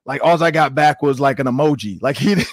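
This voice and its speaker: A man in his forties hosts a sports podcast, spinning long stories and acting out what people said, full of "like" and "man." His voice sits at an ordinary pitch. The recording is dry and close, with little room sound. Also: fast, no echo. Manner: animated storyteller, acts out quotes with lots of "like". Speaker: podcast host. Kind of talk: casual sports chat.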